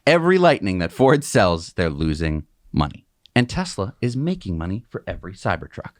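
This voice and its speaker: Lively, chatty male news co-host. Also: low voice, normal speed, no echo, clean studio sound. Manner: chatty, explains with everyday comparisons. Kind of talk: casual news chat.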